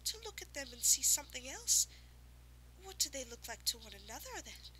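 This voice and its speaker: A lonely, ageless unicorn speaks in a regal, musing storybook voice, put on by a woman narrator. The tone is very bright and high-set, turning shrill when she is offended. A faint hiss sits behind her. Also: sing-song, moderate pace, exaggerated voice, low-quality recording. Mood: wondering. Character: proud, ancient female unicorn, lonely and searching.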